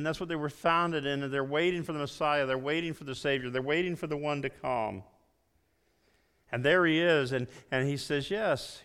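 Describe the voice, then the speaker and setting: A man preaching a sermon, emphatic, swinging between loud emphasis and hushed low passages. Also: smooth, long reverb tail. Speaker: pastor.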